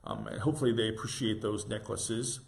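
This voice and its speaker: A man in his sixties, a pastor, giving an informal devotional reflection in a tender, halting way with gentle restarts. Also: lowish voice, creaky.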